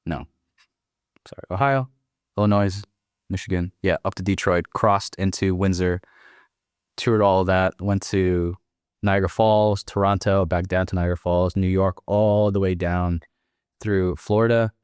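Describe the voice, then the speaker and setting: Man in his 30s, very low voice, dry close sound, casual swearing storyteller, podcast guest. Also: steady tone, unhurried, a little mellow, clean tone, no echo. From Northern California. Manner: laid-back and profane, acts out quoted dialogue. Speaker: podcast guest, military veteran.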